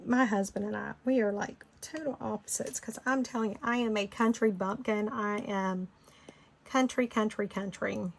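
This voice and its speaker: Speaking at a normal speed, this Florida woman in middle age has a gravelly, medium-pitched voice with fairly even intonation and a Southern Georgia accent. Slight background noise can be heard as she chats and rambles through a screen-recorded design tutorial, laughing readily.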